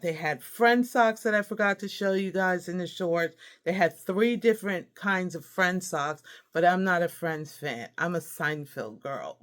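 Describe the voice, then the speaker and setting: Chatty woman showing off a haul. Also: fairly low pitch. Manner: chatty and warm, addresses viewers as y'all, laughs often. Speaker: host. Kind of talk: casual haul vlog chat.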